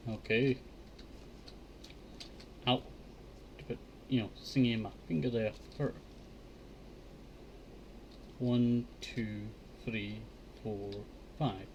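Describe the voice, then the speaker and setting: Slow-talking man muttering over gameplay. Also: medium pitch, fairly even intonation, a little mellow, dull audio, a little hiss or hum. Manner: mutters counts under his breath, flares up in annoyance at mobs. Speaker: Minecraft streamer. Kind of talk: casual gameplay commentary. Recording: clear keyboard clicks behind the voice.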